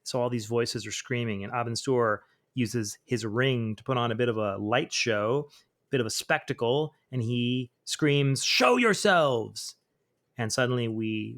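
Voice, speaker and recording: A man's voice: mid-range voice, steady tone, moderate pace. A man hosting a comics podcast, chatting casually with lots of fillers and reading quoted lines with dramatic flair. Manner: reads quotes with dramatic flair between laid-back asides. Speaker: podcast host. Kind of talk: casual comic book commentary.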